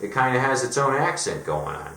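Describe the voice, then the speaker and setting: Man from Colorado, vlogger rant, emphatic and profane, mid pitch, echoey room. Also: very animated, brisk, sharp tone, faint music behind. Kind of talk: ranting monologue.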